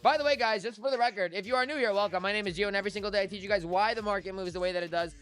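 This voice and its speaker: A man's voice: high-pitched, racing, fairly bright tone, clear, resonant tone, soft background music. A man hosting a live crypto trading stream, hyped and joking, chanting a catchphrase over and over. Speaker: host, crypto trader. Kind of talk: live-stream market commentary.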